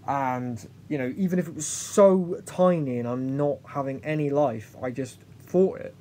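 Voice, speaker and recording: A man's voice: mid-range voice, mellow, a little hiss or hum. A man vlogging a candid personal story, earnest and confessional, often restarting and trailing off. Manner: halting, with many restarts and trailing pauses.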